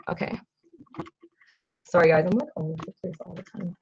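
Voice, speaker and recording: A woman's voice: lowish voice, brisk, pauses often, darkish tone, slight background noise. A young woman chats loosely with her livestream viewers while she paints at home. She wanders from thought to thought, stacks up fillers, and laughs at herself. Her voice comes through slightly dull, lo-fi stream audio. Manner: scattered and self-deprecating, many fillers and okays. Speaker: artist livestreaming to patrons.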